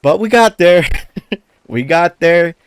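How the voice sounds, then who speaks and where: Podcast co-host, male, somewhat high voice, lively storyteller who swears and laughs, dry close mic. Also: slow, smooth, no echo. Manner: animated, swears a lot, laughs while telling. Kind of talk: casual storytelling chat.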